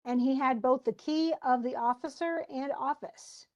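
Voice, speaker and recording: An American woman teacher with a general American accent, giving an animated, chatty lecture with casual asides. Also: high-pitched, moderate pace. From United States. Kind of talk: classroom lecture on a play.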